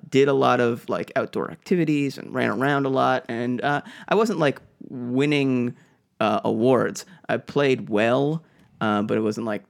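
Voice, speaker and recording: Podcast co-host, man from Boston, gravelly voice, hesitant rambling storyteller. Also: medium pitch. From Boston, USA. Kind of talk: casual chat, rambling storytelling.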